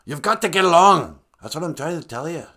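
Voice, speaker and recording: Man doing a gruff, pirate-like creator spirit, booming and fatherly, high-pitched for him. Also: lively intonation, fairly quick, pushed and bright. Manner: booming, fatherly, calls others "me son".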